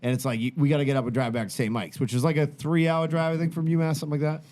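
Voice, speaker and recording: A middle-aged man telling a long, profane, rambling story in casual podcast chat, animated and full of tangents. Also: on the high side, racing. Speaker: podcast host.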